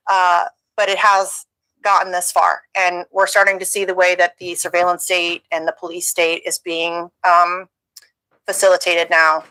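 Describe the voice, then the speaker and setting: A woman with a bright, sharp-edged voice gives measured commentary on a podcast, pausing on ums and uhs between her points. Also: medium pitch, rough recording. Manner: measured, with fillers like um and uh. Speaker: podcast co-host. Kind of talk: casual commentary.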